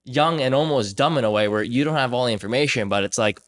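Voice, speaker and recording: A man's voice: mid-range voice, quick pace. A young man hosting a podcast, telling stories casually and animatedly, acting out the people in them. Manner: animated storyteller, acts out quoted voices. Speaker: podcast host. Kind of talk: casual conversational storytelling.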